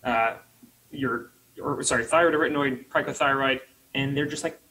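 A man's voice: mid-range voice, steady tone, moderate pace, sharp tone, rough recording. Playful man explaining vocal mechanics. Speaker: voice teacher presenter. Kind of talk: conference presentation.

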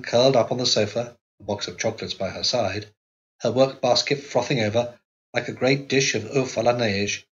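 A man narrating an audiobook in a measured, even reading voice. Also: on the low side, highs cut off. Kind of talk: scripted narration.

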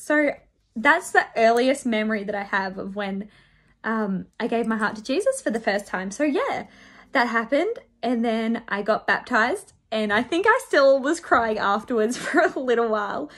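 A woman's voice: a little high, lively intonation, moderate pace, fairly bright tone. A young woman presenting to children on a church show, telling a personal story in a bubbly, sing-song way and acting out the voices.

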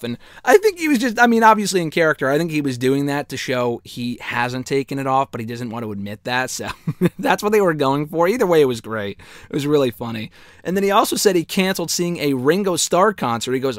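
A man's voice: medium pitch, sing-song, a little fast, no room sound, clean studio sound. A man giving a casual spoken recap and review of a wrestling show, rambling and often correcting himself as he goes. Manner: rambling, self-correcting, chatty.

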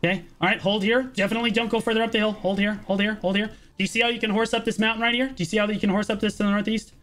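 A man's voice: high voice, little pitch movement, racing, a bit bright. A man calling the shots in a team game over voice chat, urgent and commanding, repeating every order and swearing. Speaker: guild shotcaller.

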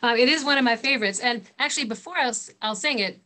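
A middle-aged woman priest explaining thoughtfully in conversation, pausing often with fillers and restarts. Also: a little high, bright, forceful tone.

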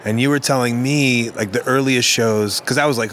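A man's voice: mid-range voice, steady tone, normal speed, a bit bright, slight background noise. A man hosting a podcast, asking guests casual questions backstage with teasing jokes. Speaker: podcast host. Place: backstage locker area.

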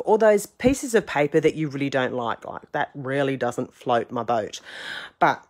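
A woman with a croaky, recovering voice, chatting her way through a craft tutorial in a rambling, self-deprecating way. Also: sits low, normal speed, darkish tone. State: croaky, getting over a cold.

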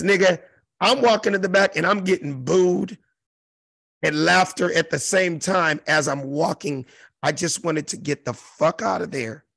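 Gravelly, high-voiced man telling a wild story. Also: fairly bright tone, dry recording. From South Central Los Angeles. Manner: profane, emphatic, mimics crowd noises. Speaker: interview guest, comedian. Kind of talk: animated storytelling.

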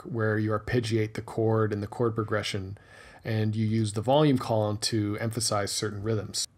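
A man hosting a music tutorial, explaining methodically and thinking aloud as he works through the steps. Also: fairly low pitch. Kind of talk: screen-recorded tutorial narration.

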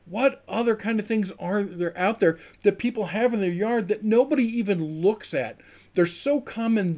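A man's voice: high voice, a little mellow. A man hosting his own channel, talking casually and enthusiastically in a rambling, chatty way. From Mountain West of the USA. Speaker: channel host. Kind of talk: casual vlog talk to camera.

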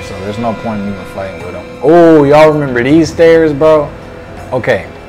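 Excitable young man narrating his gameplay. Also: mid-range voice. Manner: excitable, talks to his viewers, swears mildly. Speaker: gaming video creator. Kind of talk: casual gameplay commentary. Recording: game music loud behind the voice. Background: game music.

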